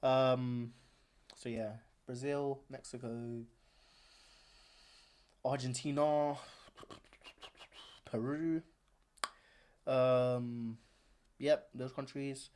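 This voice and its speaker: A man's voice: medium pitch, flat delivery, drawn-out words, pauses often, darkish tone, clean tone. A man hosting a live stream, talking casually and animatedly, repeating himself with plenty of slang. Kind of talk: casual commentary.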